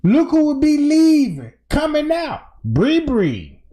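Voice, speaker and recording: Man, video commentator: slow, emphatic, slangy, mellow tone, lively pitch. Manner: emphatic, slangy, pointing things out. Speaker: commentator walking through footage. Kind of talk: casual commentary over video.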